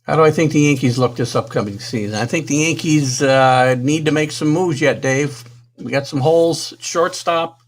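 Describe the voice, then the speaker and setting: A man's voice: fairly high pitch, normal speed. A man hosting a live sports talk stream, flustered and apologetic, muttering to himself while fighting technical trouble. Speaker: sports talk show host.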